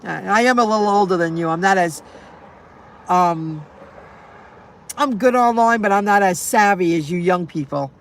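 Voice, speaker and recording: A middle-aged woman with a fairly low voice, speaking at normal speed with frequent pauses, live streams into her phone from a parked car. A delivery driver, she chats casually with viewers, rambling and repeating herself as she answers them.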